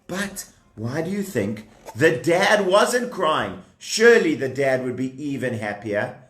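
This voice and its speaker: A man in his thirties telling a puppet story to children at home, animated and asking the kids questions as he goes. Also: mid-range voice, a little slow, roomy sound.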